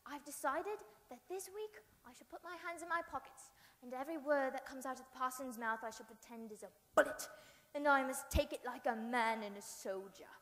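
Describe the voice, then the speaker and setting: A woman's voice: sits high, fairly quick, fairly bright tone. A woman voicing an earnest, eager young boy. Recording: reverberant hall.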